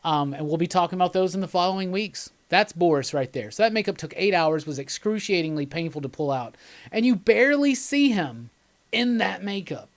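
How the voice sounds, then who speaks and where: A man's voice: high voice, animated, fairly quick. A man hosting a live commentary, talking casually and enthusiastically, rambling and laughing as he chats with viewers. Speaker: host of live movie commentary.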